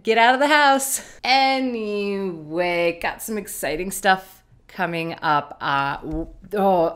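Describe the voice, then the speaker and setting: A woman vlogger and artist chatting casually from home, rambling and self-deprecating. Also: on the low side. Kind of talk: casual vlog chat. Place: home, indoors.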